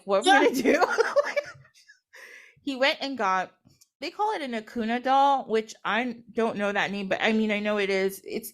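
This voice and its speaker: Animated woman retelling a folktale. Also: mid-range voice. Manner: acts out characters with playful voices and laughter. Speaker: podcast host. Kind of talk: animated storytelling in casual chat.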